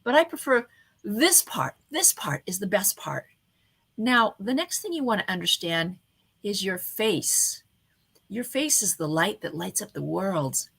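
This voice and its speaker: Hosting an online event, a woman delivers a motivational talk on communication and speaking skills straight into her computer's webcam. Her medium-pitched voice is bright, gravelly and a little breathy, and it carries well. She varies her delivery often and slows down on purpose to land each point.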